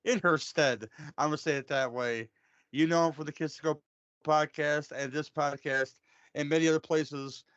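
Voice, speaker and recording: A man hosts a movie podcast in casual chat, joking around and stammering over his words. His voice is a little high, a bit bright, clear, and resonant, with fairly even intonation at normal speed, on a slightly dull, dry recording with no echo.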